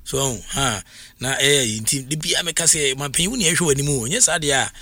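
A Ghanaian man hosts a sports talk show on the radio, chatty and loose, with plenty of pauses to think. His mid-pitched voice is bright and forward. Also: animated, dry recording.

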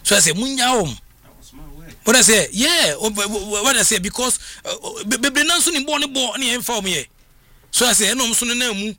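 A man's voice: extremely high pitch, lively intonation, fairly quick, pushed and bright, dry recording. A man with a Ghanaian accent hosting a radio sports news segment, talking casually with lots of fillers and restarts. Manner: hesitant, many fillers and restarts. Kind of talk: radio sports news chat mixing Twi and English.

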